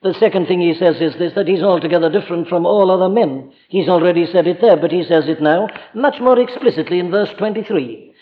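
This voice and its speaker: In a quick delivery with few pauses, a high-voiced man with a Welsh accent preaches straight to his listeners, earnest and emphatic. The archival recording is dull and lo-fi, with big-room sound.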